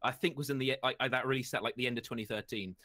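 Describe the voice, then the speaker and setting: A man's voice: mid-range voice, steady tone, very fast, bright, forceful tone, dry recording. A British man giving a casual interview, hesitant with many ums and self-deprecating asides. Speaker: interview guest, YouTuber. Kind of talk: casual chat.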